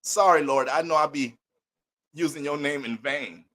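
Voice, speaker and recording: A man's voice: fairly high pitch, moderate pace, fairly bright tone. A man hosting an astrology livestream, greeting viewers by name in playful mock-preacher banter.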